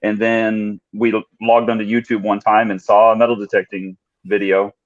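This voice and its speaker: A man telling a relaxed, plain story about his metal detecting hobby on a video call. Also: lowish voice, normal speed, highs cut off. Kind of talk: casual chat.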